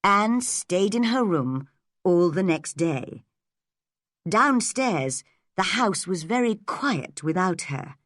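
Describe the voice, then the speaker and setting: A woman narrating an audiobook with gentle, measured storytelling. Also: on the low side, very animated, dry recording, clean studio sound.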